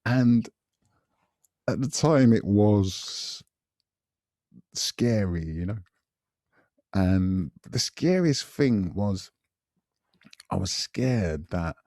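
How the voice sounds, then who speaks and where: A man, telling a story on a podcast in a casual, animated way, repeating himself and adding asides. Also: low voice, husky, dry recording, clean studio sound. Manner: animated, repetitive retelling with frequent asides. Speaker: podcast guest recalling past events.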